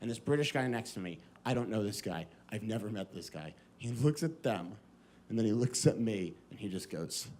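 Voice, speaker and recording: Animated American stand-up comic in a noisy hall. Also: male voice, on the low side, a little fast. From United States. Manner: animated storytelling, acting out voices. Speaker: stand-up comedian. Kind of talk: stand-up set. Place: comedy stage before a live audience.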